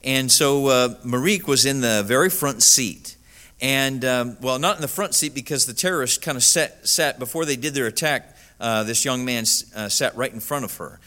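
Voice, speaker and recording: Bright-voiced preacher telling a story. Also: male voice, medium pitch, moderate pace. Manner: storytelling with many "uh" fillers, rising to emphatic peaks. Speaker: pastor. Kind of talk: sermon.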